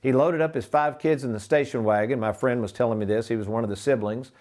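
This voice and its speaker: A man's voice: medium pitch, fast talker, a little mellow. A man in his sixties hosting a retirement planning show, talking folksy and walking viewers through numbers. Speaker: financial advisor and show host.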